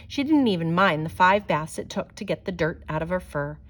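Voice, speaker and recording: A woman reading a children's story aloud with gentle, expressive narration. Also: fairly low pitch, a little fast. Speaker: storybook reader.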